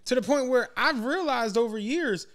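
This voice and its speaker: A man's voice: extremely high pitch, expressive, normal speed, fairly bright tone. A man from Philadelphia, a podcast co-host, chatting casually and telling long stories, acting out what other people said. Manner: rambling storyteller, acts out others' quotes.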